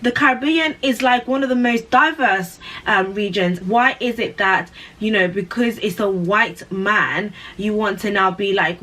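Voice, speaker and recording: Animated woman, mic at a distance. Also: mid-range voice, a little slow, few pauses. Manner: animated, heavy use of "like" and rhetorical questions. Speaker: vlogger. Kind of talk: opinion commentary.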